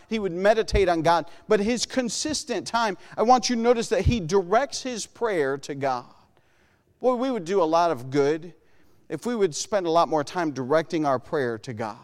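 A man preaching a sermon in an earnest way, often acting out the voices he quotes. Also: high-pitched. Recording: long hall reverb.

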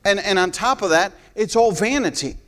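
Male pastor, higher voice, earnest conversational sermon delivery with frequent restarts. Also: animated, moderate pace, a bit bright. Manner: earnest preaching with repeated "hey" and restarts.

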